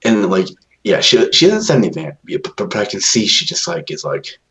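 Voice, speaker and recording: Deep-voiced, animated male podcast co-host. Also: fairly quick, gravelly. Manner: relaxed storyteller, swears often, habitually polite with sir and ma'am. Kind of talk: casual chat.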